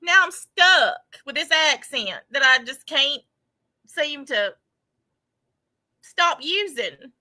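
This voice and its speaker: A woman with a high voice puts on a dramatic, mock-sorrowful lament. Her tone is sharp and very bright. She piles on over-the-top, Southern-flavored turns of phrase for comic effect. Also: expressive, takes it slowly, long pauses. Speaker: commentary creator. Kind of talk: sarcastic mock-lament monologue.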